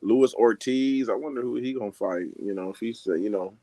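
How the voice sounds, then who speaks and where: A man's voice: fairly low pitch, brisk, mellow. A man calling in by phone to a boxing chat, laid-back and joking in casual talk. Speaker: guest caller.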